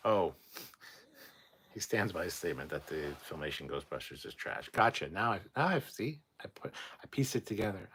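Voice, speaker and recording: A man's voice: expressive, moderate pace, a bit bright, slight background noise. A sleep-deprived man hosting a casual late-night livestream, reading out chat and rambling in a tired, mumbling way. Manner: tired, rambling, drops to low mutters.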